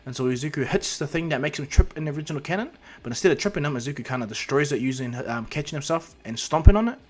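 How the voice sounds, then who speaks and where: A man's voice: a little high, animated, racing. Rambling casual male storyteller. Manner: casual, rambling, many fillers. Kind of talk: improvised fan-fiction narration.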